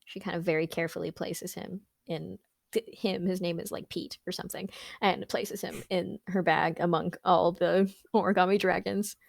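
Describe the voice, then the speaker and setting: A woman's voice: on the low side, fairly even intonation, moderate pace, vocal fry, no echo. Female player, casual hesitant narration of her character, dry mic. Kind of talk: describing her character's actions.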